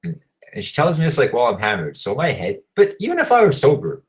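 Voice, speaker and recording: A man's voice: medium pitch, wildly swooping pitch, fast talker, low-quality recording. Profane rambling man telling a story. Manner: profane, rambling, heavy fillers. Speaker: show host. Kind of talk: casual storytelling.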